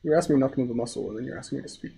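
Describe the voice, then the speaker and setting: A man's voice: medium pitch, rapid-fire, gravelly, mellow, slightly rough. A man voicing Ward, a dry-witted stranger in a tabletop game, answering back with a put-on accent. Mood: wry. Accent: put-on foreign accent. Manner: dry, teasing back-talk. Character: wry newly woken stranger named Ward, man.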